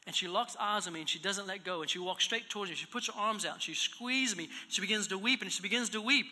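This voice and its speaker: A man preaching in a church, telling a personal story, moving from hushed, low passages to loud, raised exhortation. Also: quick pace. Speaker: pastor. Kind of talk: storytelling sermon. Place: church hall. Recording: echoey hall reverb.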